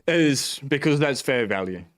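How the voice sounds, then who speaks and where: Excited, swearing Australian man. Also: medium pitch, measured pace. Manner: excited, profane, rambling with fillers. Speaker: bitcoin channel host. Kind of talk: casual livestream rant. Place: at home.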